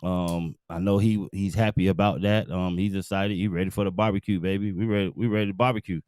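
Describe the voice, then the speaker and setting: A man who is a guest on a sports talk show, speaking in casual slang with a laid-back, halting delivery. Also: deep voice, fairly even intonation, darkish tone, clear, resonant tone, no echo, studio quality.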